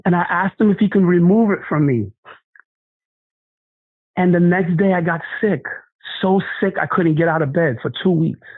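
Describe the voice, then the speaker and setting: A man shares his testimony in an earnest, halting voice, often stopping and restarting his sentences. His voice sits a little high for a man. The sound is thin and dry, like a phone line. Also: slightly rough, no room sound. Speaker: guest sharing a testimony. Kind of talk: emotional personal testimony.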